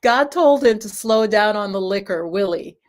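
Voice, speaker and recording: A woman putting on her father's Jamaican accent, an easygoing older man, speaking louder and slower than her own talk. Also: medium pitch, lively intonation, natural voice. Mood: imitating.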